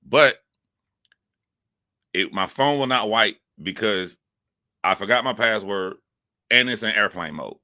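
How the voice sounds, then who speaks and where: A man with a very low, bright and forceful voice chats on a livestream from his phone at home. He rambles, restarts his sentences and talks straight to viewers. The sound is dry and close. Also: measured pace, pauses often, dry recording. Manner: rambling, self-correcting, chatty. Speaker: YouTube livestream host. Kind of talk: casual livestream monologue.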